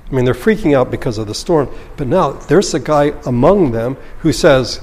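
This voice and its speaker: A man's voice: medium pitch, animated, normal speed, darkish tone, long reverb tail. A man preaching a sermon as a pastor, earnest and explanatory, often asking rhetorical questions.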